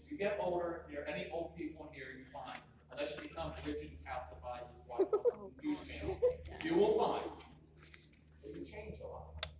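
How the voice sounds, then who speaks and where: A man in his fifties giving a live seminar talk, blunt and joking, often quizzing the audience. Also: fairly high pitch. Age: 50s. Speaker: convention speaker. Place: large echoey hall. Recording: echoey hall from far off, noisy.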